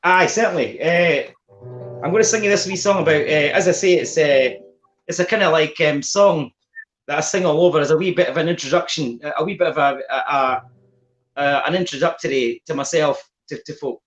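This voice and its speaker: A Scottish man from Fife chats as a guest musician, telling stories with lots of restarts and quick asides. His voice sits a little high. The recording is dull and lo-fi, with faint music behind him. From Scotland. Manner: chatty storyteller with frequent restarts and laughs. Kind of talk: casual chat.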